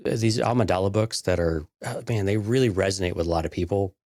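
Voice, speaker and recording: A man's voice: low voice, fast, darkish tone, no echo, clean studio sound. A man co-hosting a podcast in casual chat, easygoing and reflective. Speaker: podcast co-host.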